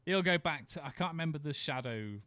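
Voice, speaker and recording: A man's voice: a little high, expressive, brisk, pushed and bright, no echo. Laid-back, rambling man on a podcast. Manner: rambling, swears, laughs often. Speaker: podcast co-host. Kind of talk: casual chat.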